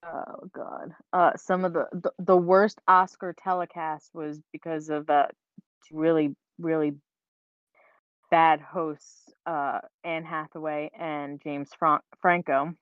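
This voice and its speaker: Low-voiced woman chatting bluntly. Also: level tone, slow, no echo. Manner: blunt, laughs often, swears casually. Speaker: podcast co-host. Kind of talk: casual chat. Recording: dull lo-fi recording.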